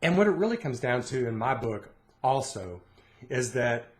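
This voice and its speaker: A man's voice: mid-range voice, normal speed. Middle-aged guy telling stories on a podcast, acts out the quotes, voice in the middle. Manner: animated storyteller, acts out quotes. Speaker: podcast co-host. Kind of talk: casual chat.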